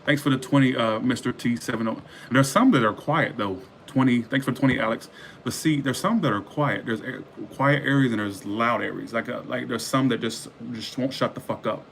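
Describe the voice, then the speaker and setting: Guy doing a tarot live, rambly and cussing, coffee jitters, mid pitch, bit of hiss. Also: a bit bright. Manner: rambling, profane, laughs often. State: sweaty and wired from coffee. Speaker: tarot reader hosting a live stream. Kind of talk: casual live-stream chat.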